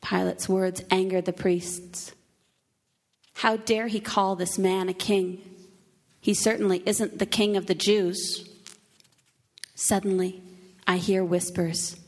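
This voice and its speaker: A woman telling an Easter story as a first-person onlooker, in a slow, solemn and emotive monologue. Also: medium pitch, level tone. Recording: long reverb of a church hall.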